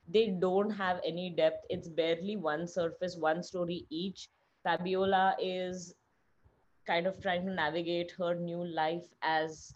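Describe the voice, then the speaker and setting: A woman in a casual podcast chat, giving blunt, heated opinions full of likes and restarts. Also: on the low side. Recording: slightly dull lo-fi sound.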